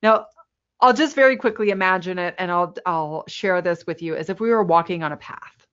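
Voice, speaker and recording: A woman presenting a workplace resilience webinar to a camera, lively and quick to laugh at herself. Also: on the low side, clear, resonant tone. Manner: lively, laughs at herself, acts out quoted people. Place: indoor room with a window. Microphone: camera mic. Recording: slightly muffled webinar audio.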